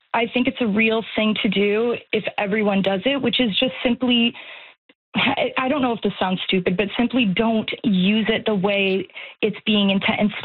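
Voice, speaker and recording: A woman's voice: fairly high pitch, phone-quality sound. A woman calling in to a radio talk show, speaking earnestly with frequent restarts. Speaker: caller. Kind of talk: radio call-in chat.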